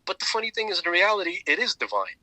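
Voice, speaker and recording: A man co-hosting a podcast, retelling a story in a rambling, animated way with many restarts and fillers. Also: high voice, quick pace, no room sound, poor audio. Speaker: podcast co-host. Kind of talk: casual chat.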